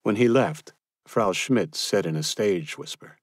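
Low-voiced guy narrating an audiobook, lots of lift and fall in his voice, dry close sound. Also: creaky, breathy edge, no echo. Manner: expressive, measured.

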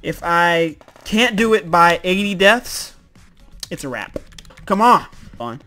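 Exasperated high-voiced male gamer. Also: lively intonation, takes it slowly, bright, forceful tone, faint music behind. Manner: exasperated, exclaiming, self-mocking. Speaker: gaming video host. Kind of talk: let's-play commentary.

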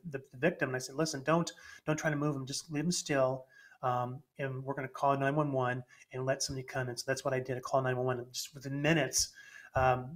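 A man's voice: medium pitch, sharp tone. A middle-aged man giving an informal sermon talk online, conversational and full of restarts. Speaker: speaker, Christian apologist. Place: home, presenting online with shared screen.

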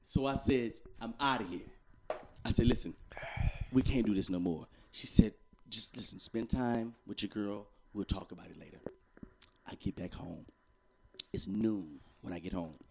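A young adult man co-hosting a casual podcast, telling a story and acting out the quotes, swinging from low mutters to loud outbursts. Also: normal speed, creaky. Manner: animated, acts out quotes with big swings from low mutters to shouts. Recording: noisy podcast recording.

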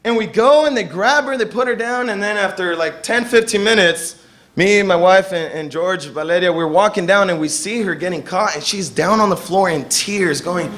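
A young man preaching with a high, bright voice. He tells stories with animated energy and acts out the people he quotes. He preaches to his congregation in a sermon style. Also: moderate pace. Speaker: pastor.

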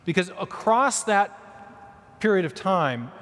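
A man giving a conference lecture in a large church hall, telling history as a story with asides and quick self-corrections. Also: high-pitched, lively intonation, fairly bright tone. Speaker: conference speaker. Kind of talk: public lecture. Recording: long reverb of a large hall.

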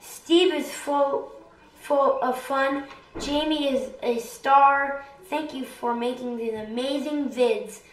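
A woman hosting a family channel, reading fan mail aloud at home in a playful, animated way. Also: high-pitched, slow pace, faint music behind. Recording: roomy home echo.

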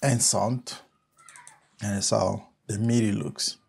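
A man from South Africa, a music producer, giving a relaxed step-by-step software tutorial on making a track. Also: lowish voice, slow pace, vocal fry, a little hiss or hum.

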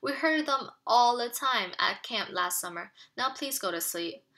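A woman's voice: on the high side, animated, a little slow, sharp tone, heavily acted. A woman reading aloud, voicing a confident, sensible girl who reassures her younger brother. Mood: reassuring. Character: brave, sensible girl, older sister.

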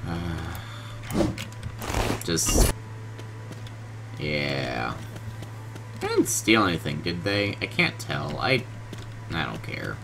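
A man giving casual gameplay commentary, low-key and monotone, groggy from just waking up, in his bedroom. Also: very slow, gravelly, long pauses. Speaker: gaming video host. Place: hot bedroom with a fan. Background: fan and keyboard noise.

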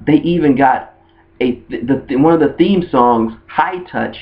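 A man's voice: medium pitch, creaky. A man talking casually about a cartoon ship in a rambling way, often restarting his sentences. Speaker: anime fan video host. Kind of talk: casual fan monologue. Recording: dull lo-fi recording.

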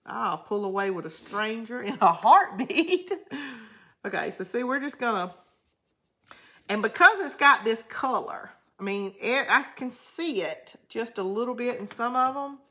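A woman's voice: fairly high pitch, animated, a little slow, sharp tone. A woman with a Southern US drawl, hosting a craft channel in rambling, chatty talk while she answers viewer comments. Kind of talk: casual live crafting chat.

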